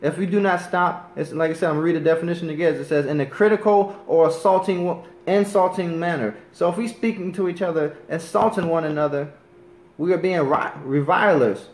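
In an echoey room, a man teaches from the Bible in a somewhat high, earnest and insistent voice. He reads scripture slowly and deliberately, repeatedly stopping to ask "you understand?"

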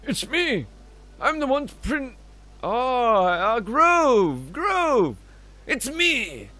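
A man's voice: very high-pitched, big pitch swings, drawn-out words, sharp tone, no room sound, pitched above the performer's own voice, exaggerated voice. A man voicing a flamboyant male fish-man obsessed with diving, with a put-on Scottish accent and a grandiose, exclamatory manner. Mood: eager. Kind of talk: reading game dialogue aloud.

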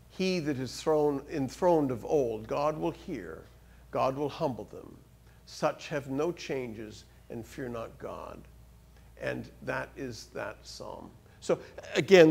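Animated gravelly man preaching. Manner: animated, with sudden rises in pitch and loudness; repeats and restarts words. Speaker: guest speaker. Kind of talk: sermon. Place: church.

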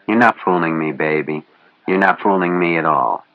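A man reading an audiobook, voicing a cool, mysterious young woman who speaks flatly and gives orders calmly. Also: deep voice, normal speed, dull audio. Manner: flat and matter-of-fact.

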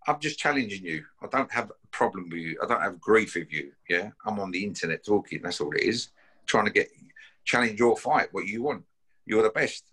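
A man's voice: on the low side, sharp tone, husky. A man issuing a combative challenge to camera, blunt and full of swearing, who keeps tagging his sentences with "yeah?" and "mate". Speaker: bare-knuckle fighter issuing a challenge. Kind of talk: confrontational call-out to camera.

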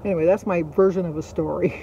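Middle-aged man, high and mellow, chatty vlog storyteller, dull lo-fi audio. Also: fairly even intonation, fast, vocal fry, slight background noise. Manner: chatty, rambling, with frequent fillers. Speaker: vlogger. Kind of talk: casual storytelling.

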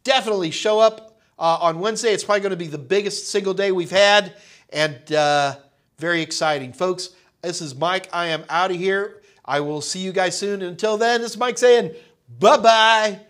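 In a high-pitched, slightly bright voice at a moderate pace, a man fields questions on a live tech stream. He's chatty and cheerful, refers to viewers as folks, and keeps coughing, sounding a little hoarse.

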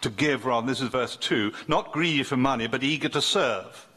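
An older man delivers a sermon in a bright, ringing voice. He talks loosely and conversationally, starting sentences over and joking with the people in front of him. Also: medium pitch, moderate pace, slightly rough. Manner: chatty, self-interrupting, joking with the congregation. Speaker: preacher.

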